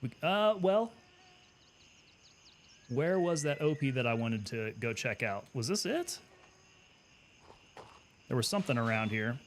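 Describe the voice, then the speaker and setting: A man's voice: mid-range voice, a bit bright, a little hiss or hum. A man streaming a military shooter game, thinking aloud in a casual chat and answering viewers' questions. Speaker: gaming streamer and Army veteran. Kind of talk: casual live gameplay commentary.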